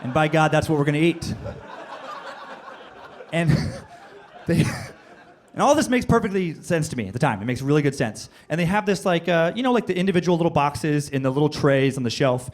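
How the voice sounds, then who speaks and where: A man doing stand-up, telling a rambling, profane story with fillers and bursts of high yelling when he acts out moments. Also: lively intonation, moderate pace. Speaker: stand-up comedian. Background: audience laughter.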